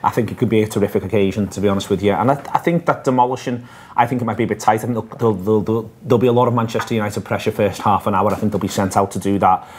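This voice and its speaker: Man, podcast host, rapid talker, lowish voice, teasing football chat in a bar. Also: fairly even intonation, breathy edge. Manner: quick, teasing, chatty.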